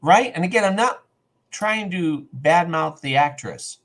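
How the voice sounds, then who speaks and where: A man co-hosting a podcast in casual chat, animated and acting out scenes in quoted voices. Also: sits high, a little slow. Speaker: podcast co-host.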